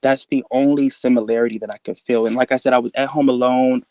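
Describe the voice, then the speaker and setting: A man recounting a frightening personal experience in casual, halting speech, full of fillers and restarts, jumping up in pitch to act out quoted dialogue. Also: steady tone, a little mellow, dry recording. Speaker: guest telling a personal encounter story.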